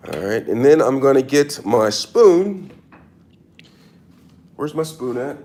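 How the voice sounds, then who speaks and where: A man's voice: mid-range voice, very animated, takes it slowly, dark tone. Hammy man cooking on camera. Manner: mock-serious, hammy, repeats catchphrases. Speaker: cooking vlogger. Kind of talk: casual cooking demo to camera. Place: home kitchen.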